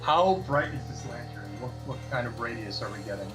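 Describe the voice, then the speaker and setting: A man's voice: mid-range voice, animated, fairly quick, fairly bright tone, faint music behind. A man playing a tabletop game who talks cautiously, often stammering and restarting. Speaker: player. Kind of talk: casual tabletop game chat.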